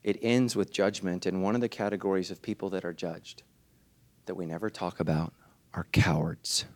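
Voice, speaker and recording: A male pastor delivering a sermon in church, swinging from hushed, low lines to high, shouted ones with urgent repeated refrains. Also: fairly even intonation, normal speed, no echo.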